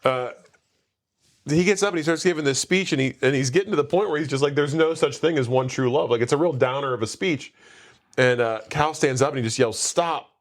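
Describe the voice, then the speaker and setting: A podcast co-host with a mid-range voice talks fairly quickly, casually recapping a movie's plot. He rambles, piling on asides and quoting lines along the way.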